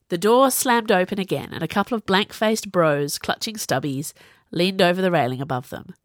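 Woman reading an audiobook, kinda low voice, super dry close sound. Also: expressive, moderate pace, no room sound. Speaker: audiobook narrator. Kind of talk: scripted narration.

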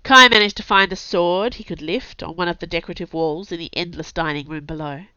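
A woman reading a novel aloud as narrator in an even storytelling manner. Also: fairly low pitch, a little fast, clear, resonant tone, dry recording. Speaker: audiobook narrator. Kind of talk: scripted narration. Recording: dull dry recording.

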